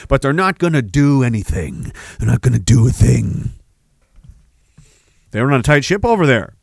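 Canadian guy ranting on his podcast, sarcastic and sweary, kinda high voice, dry close mic. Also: no room sound. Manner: sarcastic, profane, taunting. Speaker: podcast host. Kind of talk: ranting political commentary.

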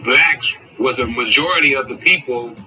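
A man's voice: medium pitch, normal speed, distant mic, background noise. A former drug dealer, a man, recounting his past matter-of-factly in an interview. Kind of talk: documentary interview.

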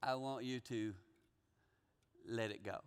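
A man preaching voices God speaking in a soft, low, near-whispered, earnest way, in a reverberant hall. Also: fairly even intonation, slow pace, clean tone. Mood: gentle urging. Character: hushed low voice of God, gentle, patient.

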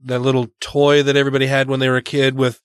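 A man's voice: medium pitch, monotone, quick pace, smooth, dry recording, studio quality. A man co-hosting a casual podcast, talking in a blunt, dismissive and profane way. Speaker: podcast co-host. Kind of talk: casual chat.

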